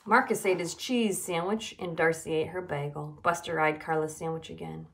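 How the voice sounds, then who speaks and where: A woman nutrition educator reading a children's storybook aloud, expressive and emphatic. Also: sits low, moderate pace, creaky.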